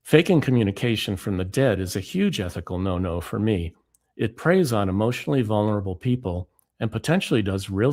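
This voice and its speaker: Man, low voice, lecture, reading his own book aloud, measured, deliberate. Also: darkish tone. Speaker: author and speaker.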